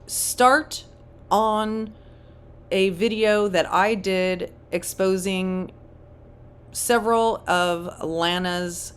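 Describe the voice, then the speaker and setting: A woman's voice: medium pitch, clear, resonant tone. A woman hosting her channel, reading online comments aloud with dry, wry asides. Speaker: channel host.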